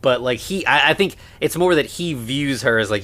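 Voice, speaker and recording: A man co-hosting a casual podcast, walking through a film's plot. He rambles and leans on fillers, breaking into quick laughs. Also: medium pitch, expressive, fairly bright tone. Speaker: podcast co-host. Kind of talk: casual movie recap chat.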